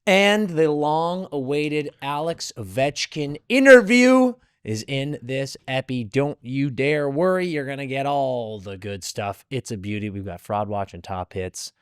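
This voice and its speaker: A man's voice: mid-range voice, lively intonation, measured pace, few pauses, clean tone, dry recording, clean studio sound. A man hosting a hockey podcast, talking energetically and joking crudely. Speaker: podcast host. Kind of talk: casual hockey podcast chat.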